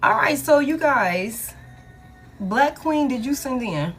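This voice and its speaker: A woman's voice: sits high, expressive, slow, fairly bright tone, faint music behind. A woman giving a live tarot reading, talking casually and profanely to her viewers. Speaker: tarot reader.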